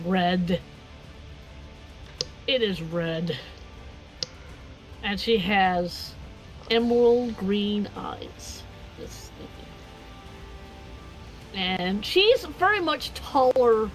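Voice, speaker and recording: A woman's voice: fairly high pitch, lively intonation, drawn-out words, long pauses, faint music behind, low-quality recording. A woman narrating as game master of a tabletop game, rambling with frequent fillers.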